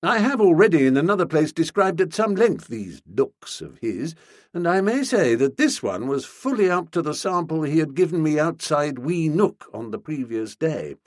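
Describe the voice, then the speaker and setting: A man reading a comic story aloud with a wry, playful delivery and a voice that swings widely in pitch. His tone is slightly husky and raised in pitch, recorded close and dry with no room sound. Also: big pitch swings, normal speed, no echo. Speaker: audiobook narrator. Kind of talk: scripted comic narration.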